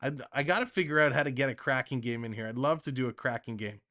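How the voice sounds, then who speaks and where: On this live hockey stream, the host calls the action and chats with viewers, reading their comments between plays. He's a fast talker with a medium-pitched voice, and his manner is excitable and chatty.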